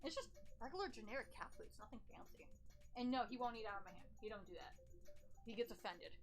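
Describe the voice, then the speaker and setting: A woman's voice: fairly high pitch, lively intonation, fast talker, faint music behind. A woman streaming casually from home, switching between baby talk to her cat and blunt, profane asides. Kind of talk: casual livestream chat. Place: at home in a room with a TV.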